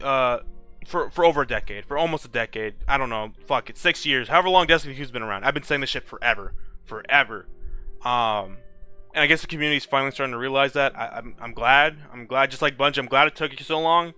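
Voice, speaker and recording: A gaming video maker, young and male, rants angrily about a game, swearing freely and restarting his sentences in a laid-back vlog. His voice is on the high side, pushed and bright, with no echo.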